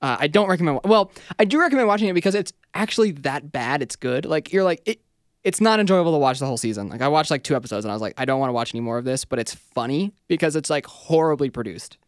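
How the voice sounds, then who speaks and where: A man's voice: fairly high pitch, fast, no room sound, clean studio sound. A man co-hosting a casual podcast chat, talking with lots of "like" and frequent laughter. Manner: animated, laughs often, heavy use of "like".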